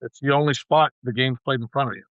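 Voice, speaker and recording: A man's voice: mid-range voice, fast, no room sound, highs cut off. A man in his sixties, a former baseball player and manager, telling rambling stories as a podcast guest. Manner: rambling anecdotal storyteller, animated when retelling arguments. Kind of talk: casual storytelling interview.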